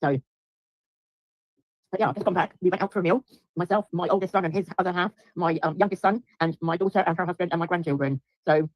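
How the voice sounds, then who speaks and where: A woman's voice: on the low side, quick pace, darkish tone, dry recording. Swearing woman ranting on a livestream. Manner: swears heavily, repeats herself, addresses chat viewers. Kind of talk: angry livestream rant to viewers.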